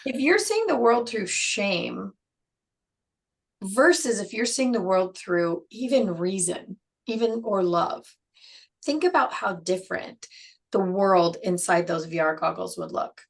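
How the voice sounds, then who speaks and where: A woman guest talks in a measured, explanatory way and slows down to lean on her key words. Her pitch sits in an ordinary middle range for a woman, neither high nor low. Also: animated, vocal fry. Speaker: guest, program co-creator. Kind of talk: explanatory interview talk.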